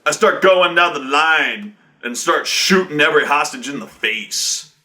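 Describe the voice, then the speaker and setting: A man's voice: a little high, expressive, a little slow, bright, forceful tone, exaggerated voice. A man voicing a cold-blooded male troll mercenary in a tabletop game story. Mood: callous.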